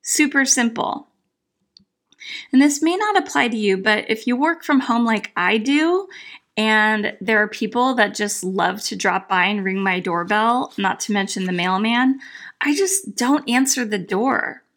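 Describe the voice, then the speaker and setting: A middle-aged woman coaching her listeners with firm, emphatic instructions. Her voice sits a little high, and she lays out each point plainly and with conviction. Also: unhurried, a bit bright. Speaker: self-help coach. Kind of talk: direct-to-camera advice talk.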